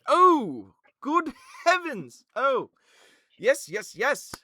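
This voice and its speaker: A man voicing a flamboyant, excitable male elf noble who gushes in exclamations. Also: on the low side, pitched above the performer's own voice, exaggerated voice. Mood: delighted. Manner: gushing, exclamatory, drawn-out vowels.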